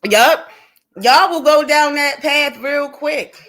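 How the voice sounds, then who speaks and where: This livestream co-host has a high-pitched, somewhat bright voice and a slow pace. Chatting casually, the woman talks bluntly and animatedly, swearing freely and laughing often.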